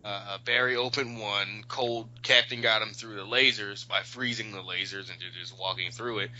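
Man, sharp bright voice, blunt opinions, casual chat, muffled lo-fi audio. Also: on the low side, steady tone, moderate pace. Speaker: podcast co-host.

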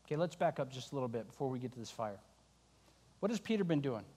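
A man preaching a sermon who tells the story in an animated way and acts out the voices of the people in it. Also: medium pitch, fast, husky, big-room sound. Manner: animated, acting out the disciples' voices. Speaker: pastor.

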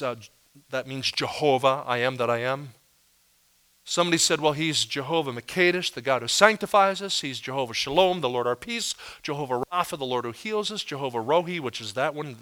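A pastor delivering a sermon with a bright, forceful voice that sits a little high for a man. He preaches with animated emphasis, lifting his voice on the words he wants to land. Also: clean tone.

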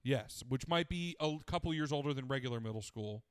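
A man's voice: mid-range voice, brisk, clear, resonant tone, dry recording, clean studio sound. A man chatting casually and crudely, animatedly retelling a show and quoting its characters. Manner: profane, animated retelling with quoted voices.

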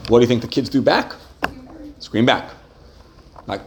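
Male Torah teacher who keeps quizzing his listeners, mid-pitched voice. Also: fairly quick, gravelly, long pauses, a little hiss or hum. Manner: keeps asking the group questions and checking they follow. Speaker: religious teacher. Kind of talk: Torah class lecture to a live group.

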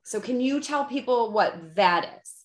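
A woman's voice: fairly high pitch, lively intonation, a little slow, roomy sound. A woman in her fifties with a Chicago accent, hosting a casual interview with enthusiasm and frequent laughter. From Chicago area. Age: 50s. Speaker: podcast host.

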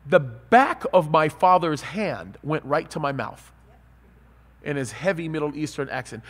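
A man preaching a sermon, telling lively stories and asking his listeners questions. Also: on the high side, a little slow, long reverb tail. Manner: animated storytelling, asks the crowd.

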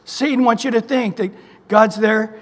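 Male preacher with a high voice, animated sermon delivery, recorded in an echoey hall. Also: moderate pace. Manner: animated storytelling with scripture citations.

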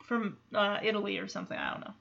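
Recapping a sitcom on her podcast, the host talks quickly in a gravelly, medium-pitched voice against a noisy background. It's a muffled lo-fi recording; she's chatty, laughs frequently, and acts out the lines she quotes.

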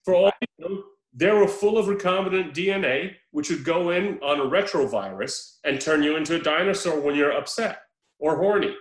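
A man on a podcast telling a movie scene in casual chat, animated and joking, mimicking the characters. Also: on the high side, fairly quick, echoey room, low-quality recording. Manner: animated storytelling with laughs and mimicked quotes. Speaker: podcast co-host.

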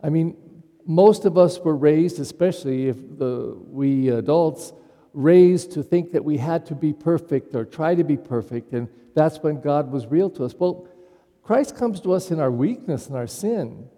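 Pastor guy preaching, chatty, asks the congregation stuff, kinda high voice, echoey church. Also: expressive, unhurried, mellow. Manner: conversational, asks the congregation questions. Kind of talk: sermon. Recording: long church reverb.

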